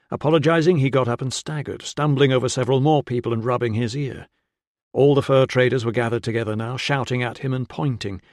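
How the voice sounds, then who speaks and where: A man reading an audiobook in a measured, steady scripted narration. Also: mid-range voice, dry recording, clean studio sound.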